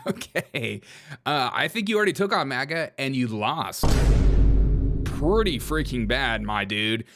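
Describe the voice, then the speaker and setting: A man's voice: mid-range voice, lively intonation, unhurried, creaky, very noisy. A man hosting a comedic political commentary show, joking and mocking with frequent laughter. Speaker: host.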